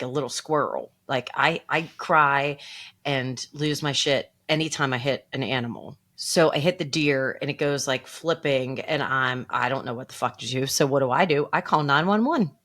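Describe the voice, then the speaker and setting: Low-voiced woman telling a story. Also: moderate pace. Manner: animated storytelling, acts out her own distressed quotes. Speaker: podcast co-host. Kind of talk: casual chat.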